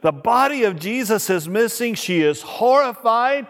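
Slow, dramatic preacher in a church hall. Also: male voice, very high voice, lively intonation. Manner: dramatic storytelling, slowing and hushing at solemn moments. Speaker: pastor. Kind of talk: sermon.

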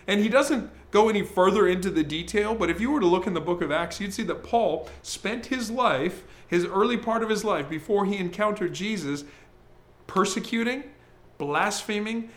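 A man preaching a sermon as pastor, in a conversational, emphatic way, slowing to read scripture. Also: sits high, expressive. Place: church service, streamed.

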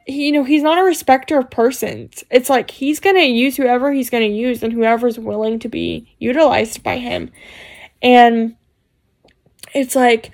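A woman's voice: on the high side, fairly even intonation, a little slow. A woman sharing a heartfelt faith message at home in a casual, rambling way, full of "you know" and "like". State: tearful near the end. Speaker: Christian vlogger sharing a devotional message. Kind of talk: casual faith talk, testimony. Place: at home, dog jumping on the bed.

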